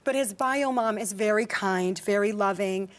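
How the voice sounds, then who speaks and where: A woman's voice: mid-range voice, moderate pace. A woman telling a personal story in casual talk-show chat, full of fillers and acted-out quotes. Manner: chatty, many "like" fillers, acts out quoted dialogue. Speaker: reality show cast member.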